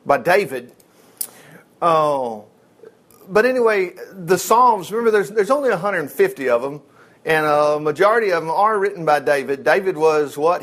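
A man's voice: fairly high pitch, a bit bright. A man giving a casual Bible study, folksy and digressive, who slips into little acted asides.

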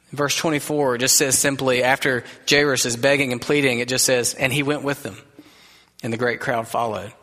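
Man preaching in a reverberant hall. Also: medium pitch. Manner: earnest, conversational preaching with soft quoted asides. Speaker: pastor. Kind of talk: sermon. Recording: long reverb of a large hall.

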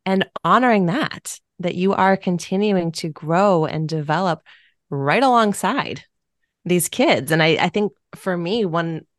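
A woman's voice: fairly low pitch, a little slow, no echo. Chatty woman co-host, dry close sound. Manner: chatty, filler "like", openly warm toward guest. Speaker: podcast co-host, career coach. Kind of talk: casual podcast chat.

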